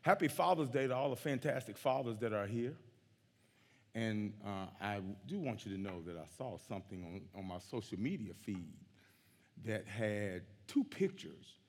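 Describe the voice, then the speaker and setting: Hoarse preacher in a reverberant hall. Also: male voice, lowish voice, animated, a little mellow. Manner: casual, joking, reads scripture slowly. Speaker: guest preacher. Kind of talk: sermon. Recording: long reverb in a church hall.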